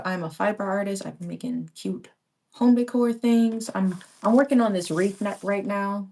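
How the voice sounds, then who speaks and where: A woman in her thirties, a crafting vlogger, talks casually with viewers during a live stream while crafting by a window at home. She rambles with slangy asides in a fairly low, slightly mellow voice, captured from afar by a small pink handheld microphone.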